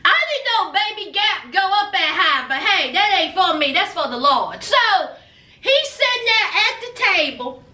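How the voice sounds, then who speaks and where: A woman giving a sassy, animated TV recap, peppering her talk with "child" and "honey". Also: extremely high pitch, unhurried. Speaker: reality TV recapper. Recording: echoey room, distant mic.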